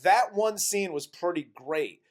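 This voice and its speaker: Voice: medium pitch, a little slow. A co-host of a comedy movie review podcast, retelling the plot in a crude, exasperated, laughing way.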